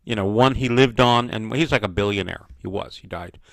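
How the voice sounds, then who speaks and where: An older man telling rambling, animated anecdotes to a friend over a video call, full of "you know". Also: on the low side, fairly quick, creaky, no echo. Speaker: mentor. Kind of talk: casual storytelling chat.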